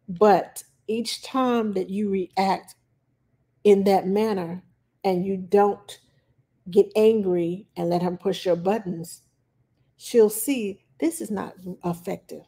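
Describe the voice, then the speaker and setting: A woman nanny giving parenting advice in a calm, plain-spoken casual talk, with frequent pauses and fillers. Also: mid-range voice.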